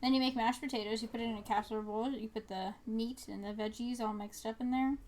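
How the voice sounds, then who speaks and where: A woman's voice: on the high side, steady tone, fast talker, a little mellow, a little hiss or hum. A young woman from New Jersey, chatting casually and rambling as she streams a game, with many fillers and little laughs. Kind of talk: casual chat while gaming.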